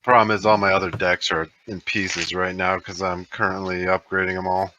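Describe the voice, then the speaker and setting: A man's voice: deep voice, level tone, moderate pace, bright, forceful tone, lo-fi sound, slight background noise. A man chatting casually and joking wryly as a player on a game stream. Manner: joking, wry. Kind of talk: casual chat.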